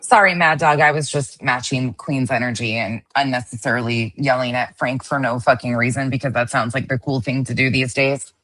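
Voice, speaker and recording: A woman's voice: extremely low pitch, fairly even intonation, fairly quick, few pauses, fairly bright tone. A woman hosting a casual commentary show, reacting to stream clips in a sarcastic, profane and mocking way. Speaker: host.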